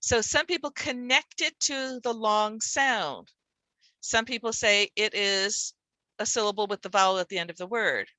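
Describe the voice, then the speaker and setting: A woman's voice: mid-range voice, normal speed, pushed and bright, no echo, rough recording. A middle-aged woman leading a teaching workshop, explaining in a conversational way with rhetorical questions. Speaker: literacy teacher trainer.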